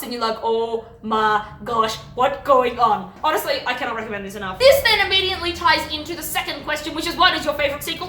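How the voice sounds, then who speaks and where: Young woman, bubbly book vlogger: high voice, gushy rants, trips over her own sentences. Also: a little hiss or hum. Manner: animated, gushing and ranting, quick self-interruptions. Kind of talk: casual book review chat. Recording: echoey room.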